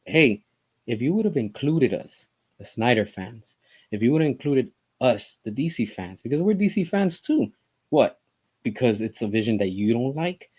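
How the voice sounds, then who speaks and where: A man delivers an opinionated vlog commentary, hammering home his points with emphasis. He keeps firing off rhetorical questions. His voice sits at a middling pitch for a man. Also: darkish tone. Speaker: film commentary vlogger.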